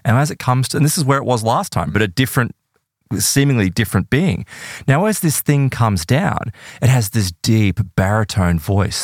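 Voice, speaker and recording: A man's voice: medium pitch, lively intonation, normal speed, dry recording, studio quality. A man hosting a podcast, retelling a paranormal encounter in a casual, dramatic way with plenty of filler words.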